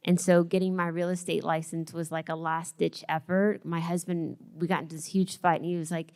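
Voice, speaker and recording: A woman's voice: on the low side, fairly even intonation, brisk, few pauses, darkish tone. A woman speaking as a panelist on stage, candid and blunt, with self-mocking humor.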